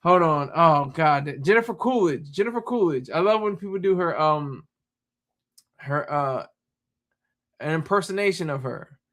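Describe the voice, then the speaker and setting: A man's voice: on the high side, bright, forceful tone. A man streaming live, rambling in casual chat and often laughing while he answers his audience.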